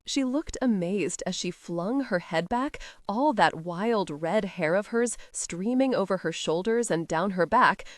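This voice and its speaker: A woman narrates a romance audiobook in a close, dry voice. Her pitch rises and falls with lively expression, and she tells the story with intimate, expressive warmth. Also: unhurried, few pauses, no echo.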